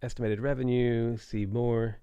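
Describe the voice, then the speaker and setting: A man's voice: mid-range voice, level tone, measured pace, warm tone, clean tone, dry recording, highs cut off. A man in his late twenties with a Dublin Irish accent chatting casually on a live stream while gaming, rambling, reading chat aloud and musing over game options. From Ireland.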